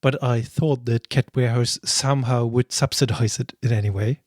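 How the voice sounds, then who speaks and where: A man's voice: medium pitch, fairly even intonation, normal speed, a little mellow, no room sound, clean studio sound. A man hosting a podcast interview, asking questions and dropping short joking remarks. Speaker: podcast host. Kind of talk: casual interview chat.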